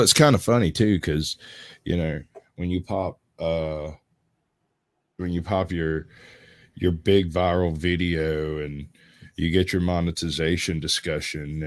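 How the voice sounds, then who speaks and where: A man with a very deep voice and a Southern US accent tells stories as a livestream guest, drawing out his phrases in a laid-back way. The sound is dry and close. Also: no room sound. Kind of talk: casual chat.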